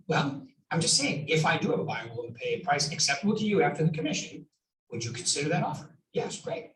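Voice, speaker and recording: A man from New Hampshire giving an animated coaching talk to real estate agents, acting out phone scripts. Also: a little high, fast talker. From Nashua, New Hampshire. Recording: echoey room, far from the mic.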